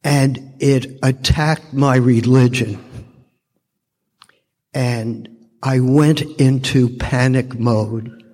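A man's voice: medium pitch, fairly even intonation, a little mellow. An older man giving a heartfelt personal testimony as a speaker at a recovery fellowship meeting. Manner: slow, heartfelt storytelling. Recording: long reverb from a large hall.

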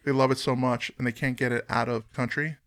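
A man's voice: medium pitch, level tone, a little fast, a bit bright. A man from the US East Coast hosting a song countdown podcast, chatting casually with jokey, rambling asides. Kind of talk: casual chat.

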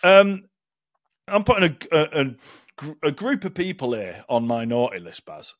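A man's voice: on the high side, big pitch swings, normal speed, no room sound, clean studio sound. A British man co-hosting a podcast, chatting casually with blunt, sweary banter. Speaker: podcast co-host. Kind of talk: casual chat.

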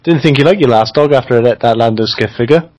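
A man's voice: mid-range voice, fast, a little mellow. A man joking dryly during a comic chat over an internet call.

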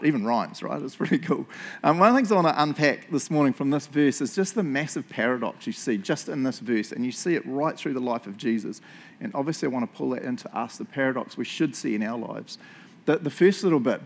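A man's voice: medium pitch, animated, a little fast. Kiwi pastor guy preaching, casual and jokey, keeps saying eh and right. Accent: New Zealand. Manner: chatty, jokey, often adds "eh?" and "right?". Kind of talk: sermon. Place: church.

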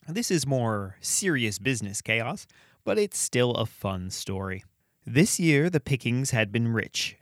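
A man hosting a podcast, reading dark fantasy stories aloud with a measured, expressive delivery and chatting casually between them. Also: on the low side, no room sound, clean studio sound. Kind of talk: storytelling narration and casual commentary.

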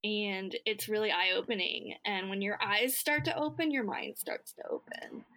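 A woman's voice: medium pitch, animated, moderate pace, sharp tone. A woman co-hosting a casual podcast conversation, earnest and reflective.

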